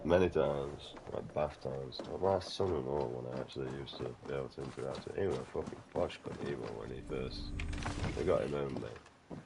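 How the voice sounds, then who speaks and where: A man's voice: extremely low pitch, a little fast, creaky, background noise. A man chatting casually over gameplay, rambling, swearing freely and calling the listener mate. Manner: rambling, swears a lot, keeps saying "mate". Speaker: gaming channel host.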